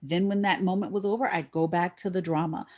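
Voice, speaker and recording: A middle-aged woman guest telling a lively story in a podcast interview, acting out the voices of the people she quotes. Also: fairly quick. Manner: animated, acts out quoted voices with big pitch jumps.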